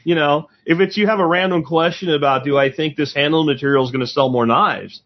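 A man's voice: on the high side, brisk, muffled recording. A man talking in a blunt, rambling, profane way in a casual podcast chat.

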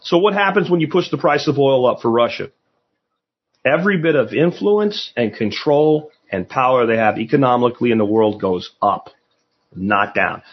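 A man's voice: mid-range voice, lo-fi sound. Blunt, profane male podcast host. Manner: blunt, profane and sarcastic, with rapid rhetorical questions. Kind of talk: political commentary monologue.

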